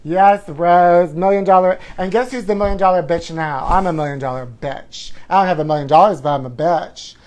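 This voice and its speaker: A man's voice: high-pitched, moderate pace, few pauses, darkish tone. A man in his forties hosting a live stream, campy and theatrical, calling viewers honey and whooping as he chats through their comments. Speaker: host.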